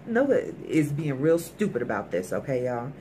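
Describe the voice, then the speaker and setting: A woman's voice: extremely low pitch, sing-song, normal speed, warm tone, slight background noise. A woman recapping a TV episode in a casual, emphatic way, talking straight to her viewers. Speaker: TV episode reviewer.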